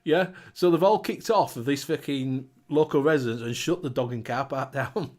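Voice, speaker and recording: A man's voice: mid-range voice, normal speed, a little mellow. A man hosting a casual live chat show, reading out viewer comments, laughing often and swearing casually.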